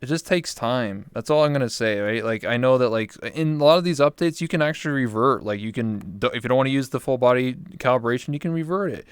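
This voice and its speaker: Smooth-voiced young man hosting a chat show. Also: medium pitch, fast talker, hardly any pauses, no echo, clean studio sound. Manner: rambling, filler-heavy, emphatic. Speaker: talk show host. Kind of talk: casual interview chat.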